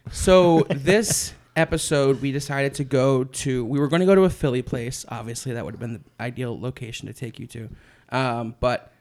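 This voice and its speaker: A man's voice: medium pitch, fairly even intonation, moderate pace, hardly any pauses, a little mellow. A man hosting a casual chat, with a faded Philadelphia accent, chatty and self-mocking. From Philadelphia area. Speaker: host.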